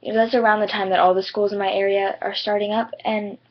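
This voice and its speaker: A woman's voice: medium pitch, little pitch movement, quick pace. A teenage girl telling a story to camera in a chatty, rambling way, full of "like" and "you know". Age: teens. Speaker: vlogger. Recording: dull lo-fi webcam audio.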